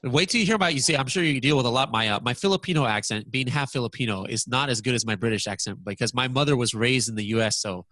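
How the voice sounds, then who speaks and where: A man presenting a software walkthrough lesson, talking excitedly and stammering when surprised. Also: medium pitch, fast talker, hardly any pauses, no room sound.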